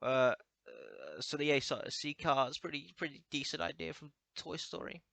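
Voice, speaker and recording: A man's voice: fairly high pitch, huge pitch swings, normal speed, gravelly, sharp tone, no echo. A young man rambling through a crude comedic monologue, stammering and restarting often.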